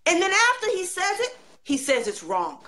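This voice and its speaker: A woman's voice: very high voice, wildly swooping pitch, moderate pace, a bit bright. A woman speaking passionately and emphatically in a religious discussion, with pointed rhetorical questions.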